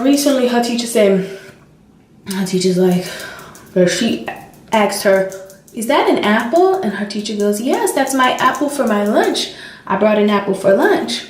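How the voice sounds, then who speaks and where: Animated young woman, echoey room. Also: a little high. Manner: animated storytelling, acting out her toddler's voice. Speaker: vlogger. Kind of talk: casual chat while doing makeup. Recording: roomy, distant home camera sound.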